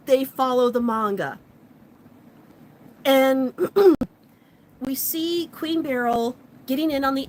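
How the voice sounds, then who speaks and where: A woman's voice: sits high, a little hiss or hum, rough recording. A woman vlogger giving a casual, chatty recap of a show, talking animatedly and saying "like" often.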